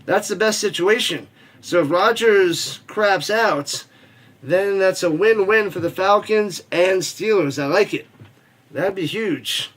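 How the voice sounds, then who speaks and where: A man hosting a live football watch party, mixing casual rambling chat and joking with quick play-by-play calls and reading viewer comments. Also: high voice, a bit bright.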